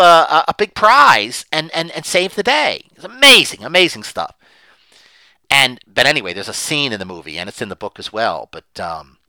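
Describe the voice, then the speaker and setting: A man talking in a rambling monologue, repeating words and rising loud and high when indignant. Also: no echo. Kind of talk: casual monologue.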